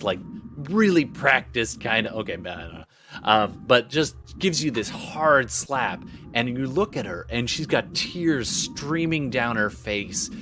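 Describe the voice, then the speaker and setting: A male game master narrating a tabletop game scene at an unhurried pace. He describes the action in detail, restarting phrases as he goes, with faint music in the background. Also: mid-range voice.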